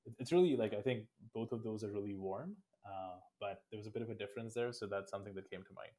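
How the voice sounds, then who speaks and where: A man in his twenties from India appears as a guest in a casual interview, answering questions reflectively and thoughtfully. His voice is lowish and dark, and he speaks quickly.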